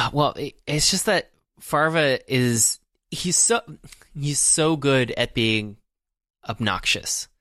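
A man's voice: medium pitch, takes it slowly, bright, forceful tone, no echo, clean studio sound. A man co-hosting a podcast, talking casually about a comedy film, rambling with lots of fillers and restarts. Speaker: podcast co-host. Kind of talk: casual movie discussion.

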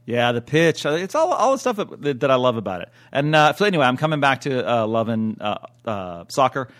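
A man's voice: medium pitch, very animated, a little fast, fairly bright tone. An American man co-hosting a podcast, rambling casually with frequent restarts. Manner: rambling, many fillers and restarts, laughs easily. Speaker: podcast co-host. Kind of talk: casual chat.

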